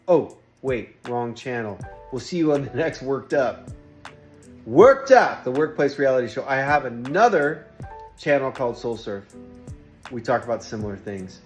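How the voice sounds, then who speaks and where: A man's voice: medium pitch, normal speed, soft background music. A man hosting his own vlog in an earnest, emphatic monologue, repeating himself and pleading with listeners. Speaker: vlogger hosting a workplace show.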